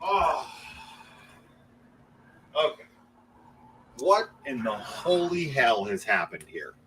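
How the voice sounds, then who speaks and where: Man, casual watch-party chat, profane, laughing, bright tone, slow delivery. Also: medium pitch, a little hiss or hum. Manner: excitable, profane, laughs often. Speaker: movie reviewer at a watch party. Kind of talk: casual chat, reacting to a film.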